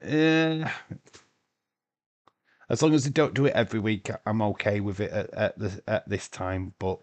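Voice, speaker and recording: Bloke from the uk doing a chatty watch-along stream, reads out chat, swears a bit, lowish voice. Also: male voice, a little fast. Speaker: livestream host.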